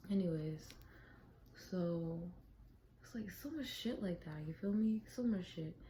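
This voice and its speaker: A young woman recounts a personal story in a loose, candid vlog style. Her voice sits a little low and sounds soft and mellow. She swears freely and now and then drops into a whisper, over a faint background hum. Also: a little slow, poor audio. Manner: candid, profane, animated storytelling with whispered asides. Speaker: vlogger. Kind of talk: casual storytelling.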